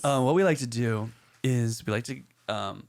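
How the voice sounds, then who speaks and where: Playful podcast host in echoey room. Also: male voice, mid-range voice, normal speed, gravelly, a little mellow. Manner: playful, swearing, laughing. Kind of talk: casual joking chat. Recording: echoey room with long reverb.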